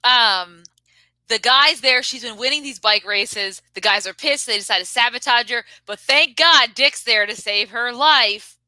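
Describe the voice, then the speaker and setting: Bright, lively woman recapping a movie. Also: a little high, a little slow, no room sound, low-quality recording. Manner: animated retelling, often acting out quoted lines. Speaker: co-host. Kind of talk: casual movie recap chat.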